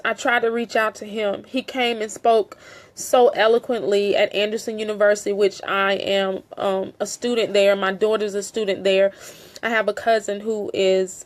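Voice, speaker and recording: A middle-aged woman making an impassioned, earnest appeal straight to her viewers, emphatic and repetitive with frequent fillers. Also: mid-range voice. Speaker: family member speaking out on a land dispute. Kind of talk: impassioned direct-to-camera appeal.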